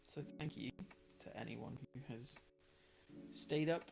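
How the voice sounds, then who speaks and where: A man's voice: medium pitch, takes it slowly, vocal fry, low-quality recording. A young man from northern England chatting casually and rambling through a late-night livestream, tired and self-deprecating, with frequent ums. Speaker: livestream host painting along. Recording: background music playing under the voice. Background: guitar music.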